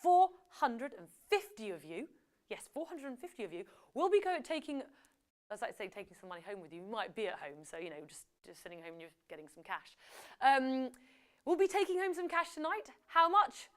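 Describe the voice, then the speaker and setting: A woman's voice: high-pitched, expressive, brisk. A young woman hosting a live quiz show, chatty and playful, with self-correcting asides. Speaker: quiz host.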